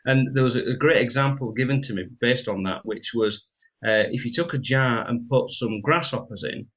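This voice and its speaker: A man's voice: medium pitch, normal speed, a bit bright. A man co-hosting a casual business chat, rambling and repeating words, laughing often. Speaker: podcast co-host. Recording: slightly dull lo-fi sound.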